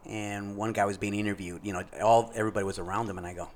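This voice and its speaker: Speaking very fast in a fairly low pitch, a middle-aged podcast co-host relates a story in a relaxed way. He's animated and performs the voices of those he quotes.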